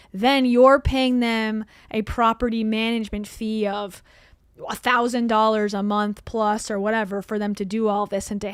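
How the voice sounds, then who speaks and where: A woman's voice: medium pitch, no echo, studio quality. A woman streaming casual reaction commentary, chatty and sarcastic, laughing often.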